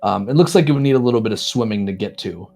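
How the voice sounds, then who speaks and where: A man narrating a tabletop game as game master, describing scenes in a halting way with many restarts. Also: fairly low pitch, animated, gravelly, dark tone, faint music behind.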